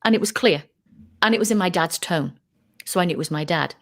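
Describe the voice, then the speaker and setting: A middle-aged British woman with a lowish voice talks a little quickly as a guest on a casual interview. She's a UFO researcher telling a story with animation, acting out the voices of the people she quotes.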